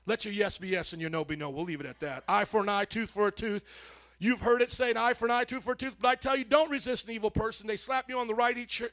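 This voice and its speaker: A male pastor preaching a sermon to his congregation, animated, calling out to the audience and rising to shouts. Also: sits high, fast talker.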